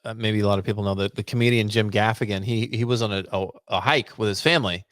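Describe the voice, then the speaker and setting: A man's voice: on the low side, quick pace, fairly bright tone, dry recording, studio quality. A man co-hosting a podcast in casual chat, laid-back and joking. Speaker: podcast co-host.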